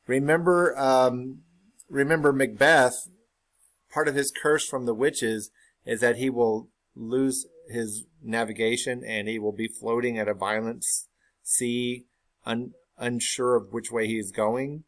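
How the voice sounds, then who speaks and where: A man teaching a play, reading scenes aloud and then explaining them in a relaxed, conversational way. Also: mid-range voice, measured pace. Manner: conversational, reads lines then unpacks them with fillers.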